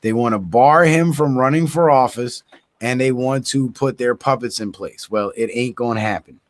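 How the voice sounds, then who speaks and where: Hosting his own channel, a man reads news stories aloud at normal speed and medium pitch while yawning and sounding tired. He keeps tripping over and restarting words, and interrupts himself with indignant comments.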